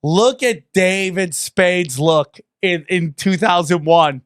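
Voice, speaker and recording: A man hosting a podcast, chatting casually in an excitable, crude, riffing way. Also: high voice, slow pace, smooth, no echo, clean studio sound. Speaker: podcast host. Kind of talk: casual chat.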